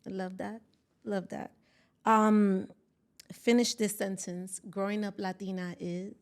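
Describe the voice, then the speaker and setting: A woman hosts a relaxed interview, enthusiastic and encouraging toward her guest. Her voice sits at an ordinary middle pitch. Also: slow pace. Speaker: podcast host. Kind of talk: casual interview.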